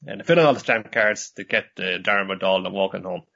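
A man's voice: deep voice, fast, vocal fry, a bit bright. A man hosting a casual podcast chat, rambling through a recap with lots of fillers. His speech is loose and profane. The audio is dull and lo-fi. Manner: rambling, full of fillers, swearing, laughing. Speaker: podcast host.

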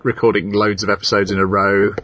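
Low husky-voiced man hosting a podcast. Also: level tone, brisk, fairly bright tone. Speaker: podcast host. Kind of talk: casual chat.

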